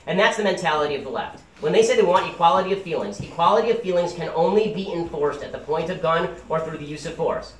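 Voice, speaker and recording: A man's voice: a little high, animated, quick pace, few pauses, fairly bright tone, a little hiss or hum. A young man giving a sarcastic, combative political speech to a live audience. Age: young adult. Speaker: campus speaker. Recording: roomy hall, mic at a distance.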